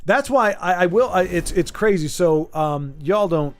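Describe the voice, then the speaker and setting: Lively, playful man chatting. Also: sits high, unhurried. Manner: playful, rambling, laughs easily. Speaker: streamer. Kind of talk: casual chat while playtesting a card game.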